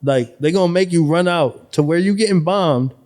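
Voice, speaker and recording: A man from Buffalo, New York, talking as a podcast guest, telling his story in a profane, streetwise, animated way. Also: fairly high pitch, normal speed. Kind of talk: casual storytelling chat.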